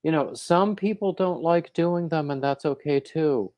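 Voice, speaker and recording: A man hosting a casual crochet livestream, rambling and halting, with plenty of fillers and restarts, and greeting viewers by name as they arrive. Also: a little high, a little mellow, no room sound. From coastal North Carolina.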